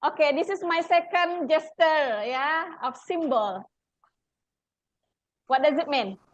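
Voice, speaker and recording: A woman with an Indonesian accent, a university lecturer teaching an English lesson, speaking haltingly with many fillers and questions to her class. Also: sits high, dry recording.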